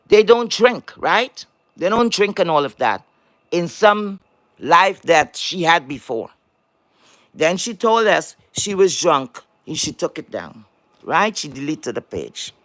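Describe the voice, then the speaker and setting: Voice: medium pitch, fairly bright tone, dry recording. A streamer vents straight at the audience in a heated rant, blunt and full of swearing. The voice keeps circling back to the same words and asks the viewers pointed rhetorical questions. The sound is dry and close, with no room around it. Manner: blunt, profane, repetitive, emphatic. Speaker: online commentator.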